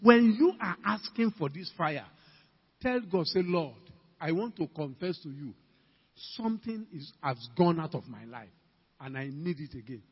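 A man preaching in Ghanaian English, his husky voice sitting high as he calls out questions and builds to shouts. It sounds like a dull, lo-fi recording with a long reverb tail from a church hall. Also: animated, moderate pace. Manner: emphatic, calls out to the congregation, rising to shouts. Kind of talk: sermon.

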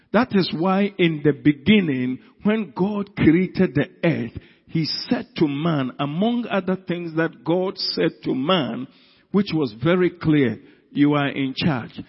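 A male preacher delivers a dramatic sermon, bursting into loud emphatic peaks. His voice sits a touch high and comes across husky and unhurried. The sound is dull and carries a long hall reverb.

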